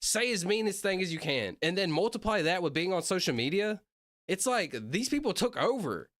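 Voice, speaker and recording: A man rambles through casual reaction commentary and breaks into sudden excited yelps. His fairly high voice swings widely in pitch. The sound is dry and close. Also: moderate pace, no room sound. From Southern United States. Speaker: streamer reacting to videos.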